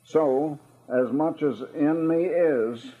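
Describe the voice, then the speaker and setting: Man, preacher, slow deliberate sermon, husky voice, tinny radio broadcast. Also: on the high side. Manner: slow, deliberate reading and explaining of scripture with frequent "uh". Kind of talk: Bible-study sermon.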